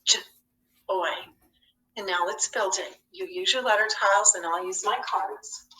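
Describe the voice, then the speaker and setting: A woman teaching a phonics lesson, speaking slowly and spelling out words letter by letter. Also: mid-range voice, far from the mic, a crowd in the background. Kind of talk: slow, deliberate phonics lesson. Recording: echoey room, voice a bit off-mic.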